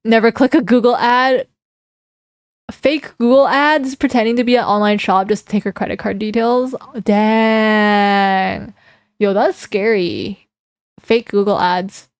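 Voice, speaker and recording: A woman's voice: medium pitch, fairly even intonation, measured pace, clean tone, no room sound. A young woman streamer chatting casually with her live chat, giggling and reading comments aloud before reacting to them.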